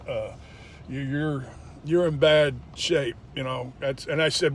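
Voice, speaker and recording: A man's voice: a little high, fairly even intonation, moderate pace. A young man bluntly telling a personal story, with frequent swearing and emphatic retellings. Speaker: former indie wrestler.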